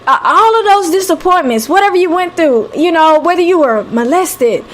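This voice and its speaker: This is a woman with a Southern American accent and a high voice. She speaks in a live motivational talk, sounding encouraging and preacher-like. She repeats her key phrases and calls listeners honey and sweetie. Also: animated, moderate pace, a bit bright. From Southern United States. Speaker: radio host. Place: home, live stream.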